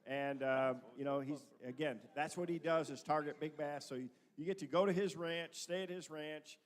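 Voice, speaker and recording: A man at a live event casually describing an auction item, relaxed and halting with fillers. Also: a little high. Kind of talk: casual presentation. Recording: long hall reverb.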